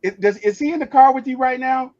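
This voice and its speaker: A man's voice: very high voice, fast, a little mellow. A man hosting a casual sports chat on a live stream, teasing his friends and steering the talk. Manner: playful, teasing, leads the talk. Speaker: host. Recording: dull, lo-fi mic.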